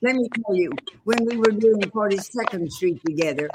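An older woman, a veteran stage actress, tells bawdy, wisecracking stories on a video call from her home, rambling with fillers as she goes. Her medium-pitched voice is animated and a little fast, and the recording is very noisy.

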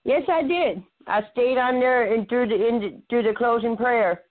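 A woman calling in to a talk show as co-host, speaking in a halting way and often restarting her sentences. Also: on the high side. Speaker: caller and co-host. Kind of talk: casual talk show chat. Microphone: phone call. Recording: tinny phone line.

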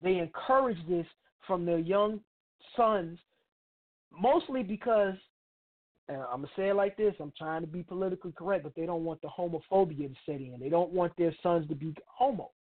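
A middle-aged man from Chicago, United States, with a voice that sits high and a moderate pace, delivers a radio host monologue. He's blunt, profane, and opinionated, using street slang, and the sound is tinny like a phone.

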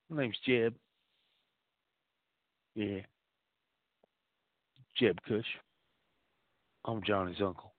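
A man's voice: lowish voice, no room sound, pitched below the performer's own voice. Character bit: a man as a scornful redneck uncle, blunt and repetitive, on a tinny phone line. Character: loud bigoted redneck uncle, older man.

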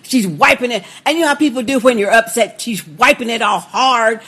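A woman's voice: a little high, fairly quick, fairly bright tone, breathy edge. A woman co-hosting a podcast in casual chat, chatty, with frequent filler words. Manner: chatty, backchannels a lot, stumbles with uh. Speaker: podcast co-host.

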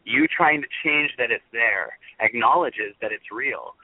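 A man's voice: medium pitch, a little slow, no echo. A man guest on a phone-in radio interview, talking earnestly and at length about meditation and love. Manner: earnest, rambling spiritual talk. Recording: tinny phone line.

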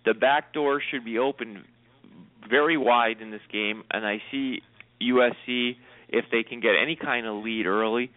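On a sports talk show, a male co-host gives his picks in a talkative, hedging way, leaning on "I mean" and "you know." His medium-pitched voice holds a steady tone at normal speed, heard dry over a phone-like call-in line.

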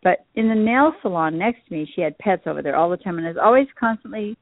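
A woman's voice: fairly low pitch, animated, fast, no echo. A woman guest on a call-in show, telling stories in an earnest, emotional way. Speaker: guest, shop owner. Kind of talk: casual interview chat. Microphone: phone call. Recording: dry tinny phone line.

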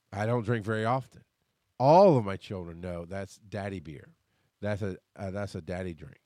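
A man's voice: sits low, darkish tone, no room sound, clean studio sound. A man in his thirties hosting a podcast, talking bluntly and rambling through a casual personal monologue, swearing freely. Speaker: podcast host. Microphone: headphones and desk mic.

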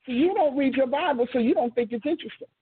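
A woman teaches scripture in a high, husky voice, telling the story with emphatic, stretched-out stresses. She hosts a ministry show. The sound is narrow and tinny, like a phone call. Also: animated, fast. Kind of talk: teaching sermon.

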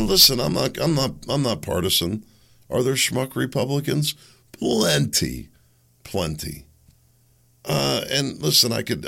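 Brief: combative male talk radio host, low gravelly voice, sarcastic monologue delivery. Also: fairly bright tone.

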